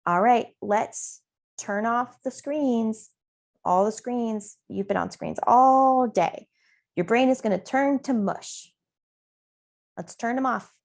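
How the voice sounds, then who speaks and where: A woman playing a mother gently urging her child to stop and move on. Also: a little high, takes it slowly, creaky, voice pushed up. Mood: coaxing. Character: coaxing mother at home.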